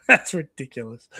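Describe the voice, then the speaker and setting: A man's voice: sharp tone, no room sound. Chatty man, dry close sound. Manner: chatty, laughs often, voice rises and falls a lot. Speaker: host. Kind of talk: casual comic read-along.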